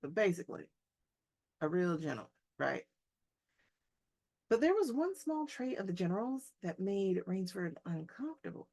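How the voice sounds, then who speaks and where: A woman's voice: medium pitch, big pitch swings, normal speed, a little mellow. A woman English teacher reading a short story aloud and breaking off for chatty, joking asides to her class.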